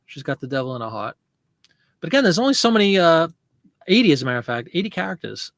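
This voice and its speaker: A man's voice: fairly high pitch, very animated, fast talker, no echo, studio quality. A man hosting a casual live selling stream, chatting and laughing as he answers viewer comments. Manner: chatty, rambling, laughs often, reads viewer comments aloud. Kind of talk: casual livestream chat with viewers.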